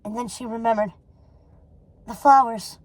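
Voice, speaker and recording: Lady reading a story out loud, steady and dramatic, bit high. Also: normal speed, dry recording, rough recording. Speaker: reader. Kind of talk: storybook read-aloud.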